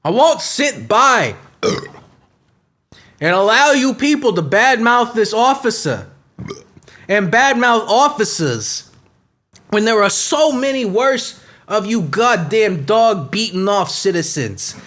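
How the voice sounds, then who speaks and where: A man doing a hot-tempered champion of the police, bellowing a self-righteous tirade. The voice sits well above his usual pitch and swings widely. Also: expressive, measured pace, fairly bright tone. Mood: outraged.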